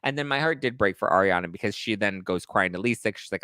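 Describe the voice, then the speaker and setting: A man hosting a casual reality TV recap, talking in a sassy, dramatic way with quick asides. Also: fairly low pitch, animated, pushed and bright, clear, resonant tone, no room sound. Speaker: host.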